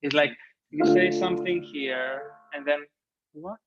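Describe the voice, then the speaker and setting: A man, teaching an online piano masterclass, gently encouraging and singing phrases and counting beats aloud. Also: a little high, unhurried. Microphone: video call. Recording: muffled video call with piano.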